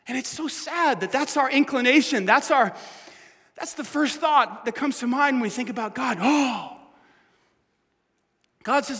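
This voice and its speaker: A male pastor preaches in an animated, conversational way and drops in playful asides. His voice is high and bright. A long hall echo follows his voice through the church. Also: unhurried, long pauses. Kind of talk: sermon. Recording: echoey hall.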